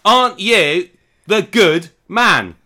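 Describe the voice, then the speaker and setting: A man putting on a Cockney accent to play a taunting gangster, slow and shouty. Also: sits high, expressive, voice pushed up, heavily acted.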